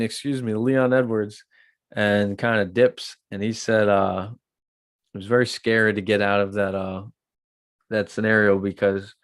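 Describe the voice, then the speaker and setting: A man hosting a casual MMA podcast, chatty and animated, acting out what people say. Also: medium pitch, no room sound. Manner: chatty, animated, acts out quotes. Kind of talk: casual commentary on a live stream.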